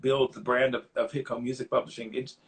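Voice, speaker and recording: A man's voice: medium pitch, brisk. Middle-aged man telling a heartfelt story. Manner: lively anecdotes, acts out others' lines in quotes; earnest and openly emotional when reflecting. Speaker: guest songwriter. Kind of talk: conversational interview storytelling.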